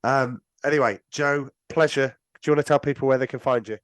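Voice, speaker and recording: A man's voice: medium pitch, steady tone, brisk, dry recording. A British man hosting a podcast, chatting casually and teasing his guest with joking banter. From Britain. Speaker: podcast host.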